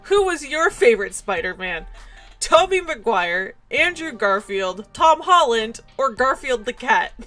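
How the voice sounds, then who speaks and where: A woman's voice: a little high, a bit bright. A young adult woman streaming a game, chatting casually with viewers in a giggly, self-deprecating way. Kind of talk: casual livestream chat while playing a game.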